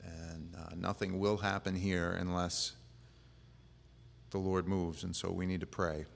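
A man preaching as a pastor, speaking in a relaxed, plain-spoken way that wanders with fillers and restarts. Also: low-pitched, unhurried, gravelly. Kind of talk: casual conversational sermon. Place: church. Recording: long reverb of a church hall.

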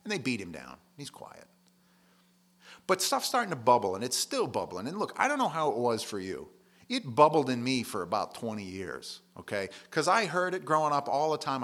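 A man's voice: medium pitch, a bit bright. A man preaching a sermon in a conversational, plain-spoken way, leaning hard on key words.

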